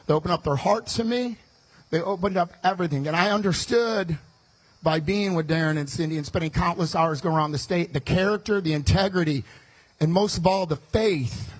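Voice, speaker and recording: A Chicago-area man, serving as a running mate, gives a fiery rally speech on a state fair stage, speaking fast and loud into a stage microphone and shouting his punchlines. His voice is high, and the recording quality is low.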